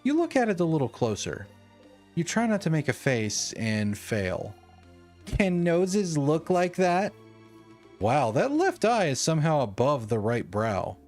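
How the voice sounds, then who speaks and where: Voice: mid-range voice, huge pitch swings, measured pace, darkish tone, faint music behind. A streamer playing a video game, chatting and joking while reading the game's text aloud.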